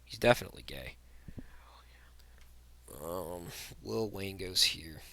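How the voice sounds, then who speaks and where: A man's voice: sits low, animated, takes it slowly, vocal fry, long pauses, pushed and bright. A young man giving blunt, rambling tier-list commentary, full of fillers and restarts. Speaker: vlogger.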